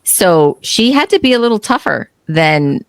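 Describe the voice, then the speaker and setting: A woman's voice: on the low side, measured pace, smooth, dry recording. A middle-aged woman from Texas hosting a podcast, chatting casually and acting out quotes as she tells stories. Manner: animated storyteller acting out quotes. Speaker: podcast host. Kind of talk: casual interview conversation.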